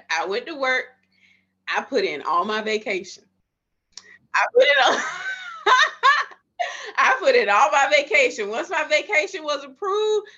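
A high-pitched, sharp-toned woman, a midwife in her thirties from around Miami, is a guest on a podcast. In a relaxed interview she tells her story and acts out her earlier thoughts and conversations. The lo-fi recording sounds slightly dull.

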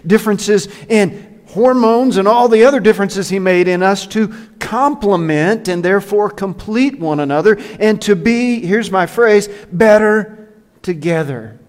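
A man preaching a sermon to a church, joking and animated, now and then slipping into impressions. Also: high voice, a little slow, big-room sound. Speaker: pastor. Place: church sanctuary.

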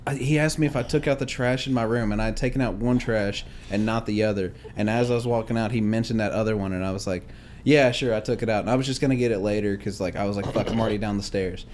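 A man's voice: on the low side, quick pace, few pauses, darkish tone, slight background noise. A young man co-hosting a podcast, casually telling family stories and swearing constantly. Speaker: podcast co-host. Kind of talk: casual chat.

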